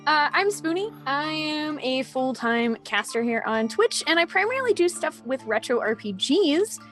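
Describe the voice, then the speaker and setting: A woman's voice: sits high, fairly bright tone. A woman, a player in the game, talking in a goofy, giggly way. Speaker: player, streamer. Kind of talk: casual chat.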